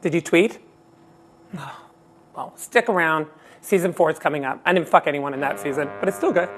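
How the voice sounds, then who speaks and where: Woman host, lowish voice, joking, faint music under. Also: brisk. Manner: joking, self-mocking. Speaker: show host. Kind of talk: hosting a comedy showcase.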